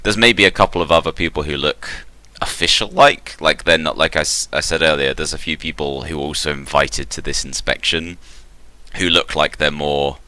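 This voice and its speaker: A man with an extremely deep voice narrates a tabletop role-playing game as its game master. His tone is bright and forward, and he talks in a relaxed, halting way with plenty of fillers. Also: no echo.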